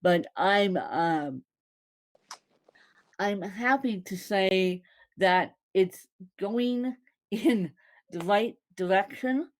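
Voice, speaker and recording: Very slow-talking chatty woman. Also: medium pitch. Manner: chatty, repeats phrases, laughs often. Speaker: content creator. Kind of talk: casual vlog talk to fans.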